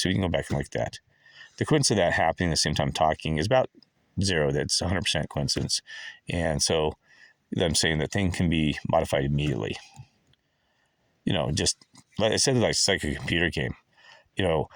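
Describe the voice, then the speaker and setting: A man with a very low voice rambles through casual stories, excitable and full of asides and exclamations. The sound is dry and close, with no room around it. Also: dry recording. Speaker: vlogger.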